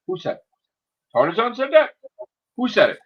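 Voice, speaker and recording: A man hosting a podcast, ranting in a heated, profane way and mimicking people in high voices. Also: huge pitch swings, measured pace, husky, muffled recording. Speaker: podcast host. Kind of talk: heated casual podcast rant.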